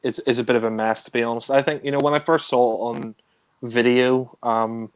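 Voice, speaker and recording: Speaking briskly in a smooth, mid-range voice with flat delivery, this man co-hosts a casual film discussion in a dry recording. He laughs, swears and fills his rambling with fillers, raising his voice to imitate characters.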